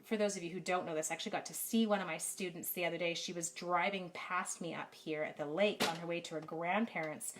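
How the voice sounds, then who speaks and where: A middle-aged Canadian woman runs a live-streamed card-making lesson from her home craft room, talking fast with hardly any pauses in a lowish, steady, fairly bright voice. She's chatty and self-deprecating as a stamping craft demonstrator, greeting viewers by name and responding to the chat. Her camera mic picks up slight background noise.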